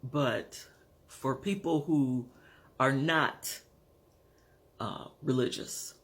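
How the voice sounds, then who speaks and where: A man in his fifties or sixties speaking frankly to his camera at home in a personal vlog, measured and pausing to find his words. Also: medium pitch, fairly bright tone. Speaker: vlogger. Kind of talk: candid personal vlog monologue.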